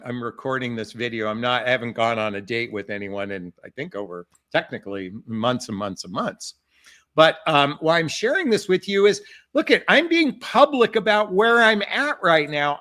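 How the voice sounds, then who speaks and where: Emphatic high-voiced male dating coach. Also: sharp tone. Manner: impassioned, emphatic, addresses viewers as "folks". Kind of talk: direct-to-camera advice talk.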